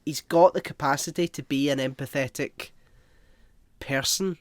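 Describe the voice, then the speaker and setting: A man's voice: on the high side, steady tone, moderate pace, dry recording. A man co-hosting a podcast in casual chat, rambling and hesitant, with many fillers. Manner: rambling, hesitant, acts out quotes loudly. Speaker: podcast co-host.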